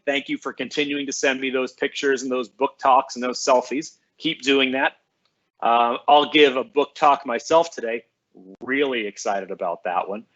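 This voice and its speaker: A school librarian, a man with a medium-pitched and slightly bright voice, hosts a live stream for students. He's casual, upbeat and chatty, greeting viewers by name, and the sound is slightly dull and lo-fi.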